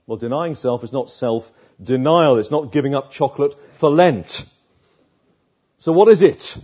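Male preacher, sermon, slow emphatic delivery, slightly high voice, muffled recording. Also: darkish tone, slightly rough.

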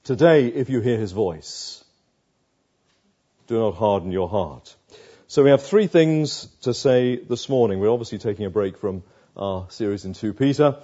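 A man preaching a sermon, slow and emphatic, with dramatic pauses between phrases. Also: on the low side, animated, dark tone, highs cut off.

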